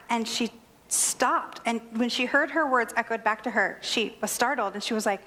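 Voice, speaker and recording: A woman's voice: fairly high pitch, normal speed, sharp tone. A woman minister giving a sermon, telling a personal story with humor and animation. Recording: long hall reverb.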